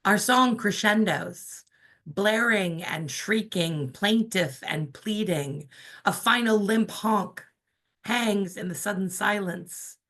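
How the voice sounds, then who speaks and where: A young woman with a Canadian accent performing her own spoken word poems, slow and measured, with casual asides between pieces. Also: mid-range voice, a bit bright. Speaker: poet. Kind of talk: spoken word poetry reading.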